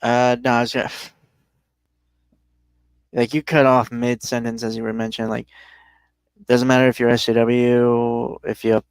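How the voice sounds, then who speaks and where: A man's voice: mid-range voice, level tone, moderate pace, pauses often, clear, resonant tone, dry recording. A man with a mid-range voice talking casually on a podcast. He teases his partner and often hesitates and restarts as he talks. The recording is dry and close. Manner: teasing, hesitant. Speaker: podcast co-host. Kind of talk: casual chat.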